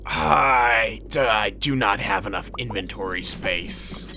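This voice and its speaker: A man's voice: on the low side, lively intonation, takes it slowly, vocal fry, bright, forceful tone, soft background music. A man casually commentating his gameplay on a live stream, swearing now and then and talking to his chat.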